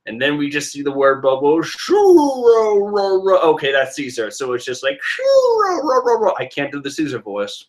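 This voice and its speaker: A man casually reading and reacting to a comic chapter, animated and rambling with restarts. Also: medium pitch, quick pace, hardly any pauses.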